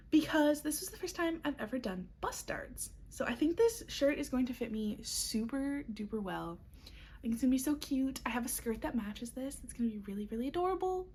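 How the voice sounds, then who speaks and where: A woman's voice: sits high, vocal fry, a little mellow, breathy edge. A young woman talking casually to camera as a knitting vlogger, upbeat and chatty with frequent ums and little laughs. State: has the hiccups. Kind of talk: casual chat.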